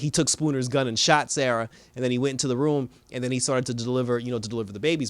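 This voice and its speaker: A man's voice: mid-range voice, dry recording. A man hosting a casual TV review, retelling an episode with quoted character lines and frequent laughter. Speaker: TV review host.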